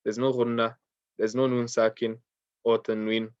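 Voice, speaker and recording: A man's voice: mid-range voice, level tone, normal speed, smooth, dry recording, muffled recording. A man teaching an online Quran recitation class, patient and repetitive, with frequent ums and uhs.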